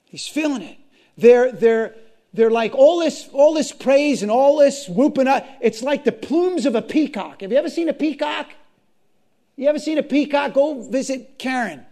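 A man preaching a sermon to his congregation, impassioned, swinging from loud to hushed and repeating phrases. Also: very high-pitched, lively intonation, normal speed. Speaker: pastor.

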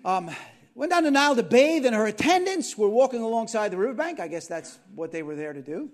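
Man, preacher, high voice, very lively pitch, animated storytelling, sermon. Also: fairly quick. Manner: animated storytelling with asides and questions to the audience. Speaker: pastor.

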